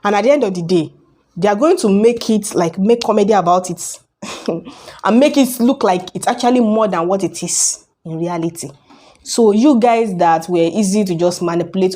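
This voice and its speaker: A woman's voice: medium pitch, normal speed, mellow. A young woman ranting to camera in a casual vlog, arguing her point with a stream of rhetorical questions. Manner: argumentative, fires rhetorical questions. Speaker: vlogger. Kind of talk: casual opinion rant to camera.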